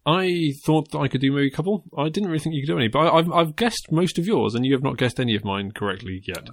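A man's voice: on the high side, expressive, fast, no echo. Chill guy chatting, laughs at himself a lot, dry close mic. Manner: self-deprecating, laughs often. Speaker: podcast co-host. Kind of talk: casual chat.

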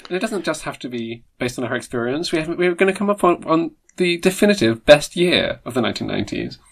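Casting note: man, podcast co-host, husky timbre, playful teasing, laughs a lot. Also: a little high, expressive, fast talker. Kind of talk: casual chat.

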